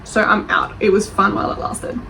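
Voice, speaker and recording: A young woman reading book reviews aloud and reacting with animated, defensive chat. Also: brisk, slight background noise, poor audio. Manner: animated, gushing, defensive, laughs often.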